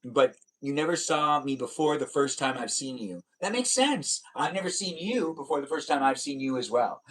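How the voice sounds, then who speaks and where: A man's voice: fairly high pitch, expressive, moderate pace, fairly bright tone, rough recording. A man live streaming, chatting casually and reading out viewer comments in a rambling, repetitive way.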